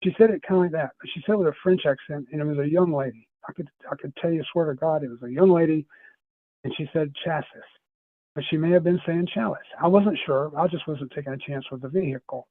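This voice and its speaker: A man's voice: fairly high pitch, quick pace, no echo. A middle-aged man, a podcast guest, telling a personal story in an earnest, rambling way, often restarting his phrases. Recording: tinny phone-line sound.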